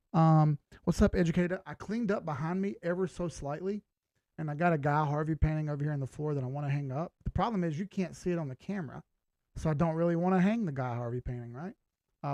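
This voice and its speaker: A man's voice: on the high side, a little mellow, dry recording. A man hosting a casual livestream, talking in an upbeat way and greeting his viewers one by one by name. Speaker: livestream host.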